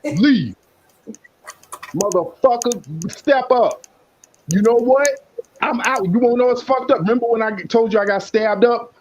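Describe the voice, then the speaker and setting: High-voiced, heated man. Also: steady tone, brisk, a little hiss or hum. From South Side of Chicago. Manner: heated, profane and boastful. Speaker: stream panelist. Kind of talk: casual chat, ranting. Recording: dull lo-fi stream audio.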